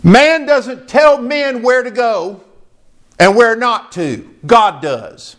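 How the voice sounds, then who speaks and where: A man preaching a sermon as pastor, slow and emphatic, asking the congregation questions. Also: very high voice, expressive.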